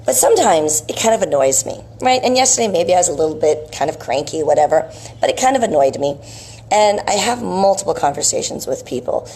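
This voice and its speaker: A woman's voice: lowish voice, lively intonation, fairly quick, mellow, husky. A woman vlogging about health, telling a rambling story in a casual, chatty way and checking in with "right?" asides.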